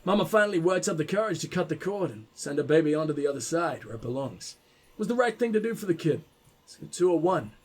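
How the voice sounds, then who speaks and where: A man's voice: a little high, expressive, fast talker. A man hosting a game playthrough, reading in-game text aloud and breaking off for casual, profane, joking asides, often stumbling and restarting his lines. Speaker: let's play host.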